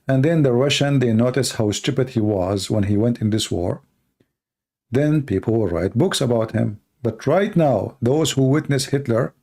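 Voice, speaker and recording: A man with a gravelly, dark voice speaks English as a second language, Arabic being his first. He hosts a casual live stream and answers viewer questions in a blunt, emphatic way, repeating words as he pushes his points. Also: mid-range voice.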